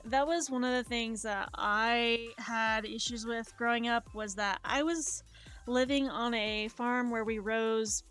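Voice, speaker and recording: Young woman streamer rambling while she draws, highish voice, lots of likes and ums, faint music in the back. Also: steady tone, unhurried, a bit bright. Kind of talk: casual chat while drawing on a live stream.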